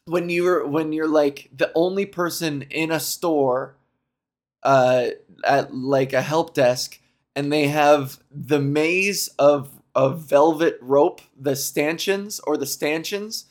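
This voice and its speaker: A man's voice: a little high, steady tone, takes it slowly. Exasperated profane man on a comic rant. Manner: exasperated, profane, laughs often. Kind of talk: comedic rant.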